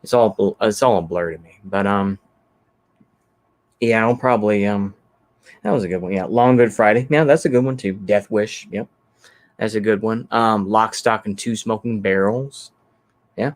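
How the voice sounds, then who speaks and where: A man's voice: fairly low pitch, moderate pace. A man chatting casually on his livestream, rambling easygoing and thinking aloud with lots of fillers as he reacts to comments. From Texas. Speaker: channel host.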